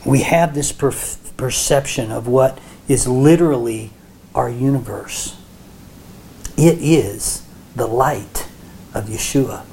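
A Bible teacher delivers a sermon, frequently checking in with listeners and restarting phrases while explaining. The voice is mid-range, slow, and mellow, with a slight hiss or hum in the recording.

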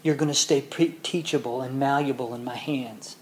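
A man preaching a sermon, reading scripture slowly and building to loud, emotional peaks before dropping back to a quiet, measured tone. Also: mid-range voice, fairly even intonation, slight background noise.

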